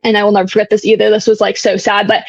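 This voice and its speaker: Speaking very fast in a flat, medium-pitched voice, a young guest recounts her own recovery with candor. She rambles, leans on fillers, and swears bluntly at times; the audio is dull, dry, lo-fi, and free of echo.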